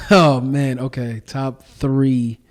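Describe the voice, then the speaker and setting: A man's voice: medium pitch, extremely slow. A young adult man, a podcast host, talking casually and slangily in an interview and acting out the exchanges he retells. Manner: animated storytelling, acts out quoted exchanges.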